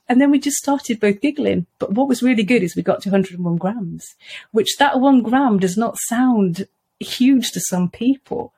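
A woman's voice: a little high, normal speed, mellow, breathy edge. A middle-aged woman, an earnest podcast guest who talks reflectively and often laughs. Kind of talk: conversational interview.

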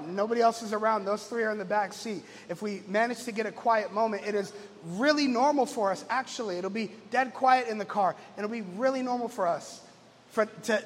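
High-voiced joking pastor. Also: male voice, a bit bright, in a large hall, slight background noise. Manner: casual storytelling, joking. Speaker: lead pastor. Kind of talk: conversational sermon. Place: church.

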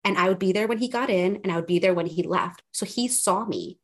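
Chatty young woman, low voice. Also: fairly quick. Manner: chatty, filler-heavy, animated retelling. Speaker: podcast guest, journalist. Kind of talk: casual interview storytelling.

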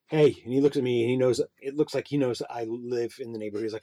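A middle-aged man, an actor and puppeteer, telling a story as a guest in a casual interview and acting out the people in it. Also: fast. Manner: animated storyteller, acts out voices with big pitch jumps.

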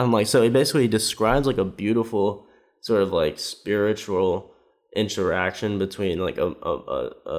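A man ranting in casual commentary, sarcastic and rambling with many fillers, mocking what others said. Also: on the low side. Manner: mimics quoted speech with raised voice.

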